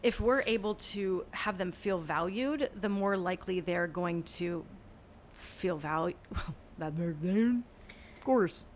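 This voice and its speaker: A woman's voice: on the low side, takes it slowly, a little hiss or hum. A middle-aged woman teacher talking as a podcast guest. She speaks earnestly, acts out things she says to her students, and restarts her sentences often. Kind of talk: casual interview chat.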